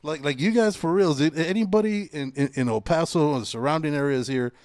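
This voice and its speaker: Profane, animated man in his forties. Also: a little high, brisk, no echo, clean studio sound. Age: 40s. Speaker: podcast host. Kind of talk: casual chat.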